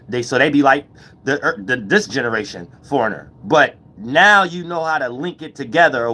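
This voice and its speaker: A man's voice: mid-range voice, fairly bright tone. A man hosting his own channel, talking in a rambling, slangy, profane monologue and often asking "you know what I'm saying". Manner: slangy, profane, loose grammar. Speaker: channel host. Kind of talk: casual monologue to viewers.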